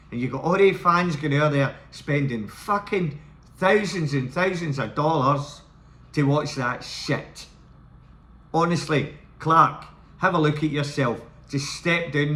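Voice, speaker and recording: A man's voice: fairly high pitch, fairly bright tone. A Scottish man ranting furiously as a football fan to camera, swearing and repeating himself. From Scotland. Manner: swearing, heated, repetitive. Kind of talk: angry fan rant to camera.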